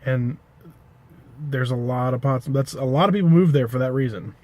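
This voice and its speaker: A man's voice: medium pitch, normal speed, no room sound, narrow, tinny audio. A man casually telling an anecdote to the camera, rambling, correcting himself and adding dry asides. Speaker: pipe-smoking vlogger.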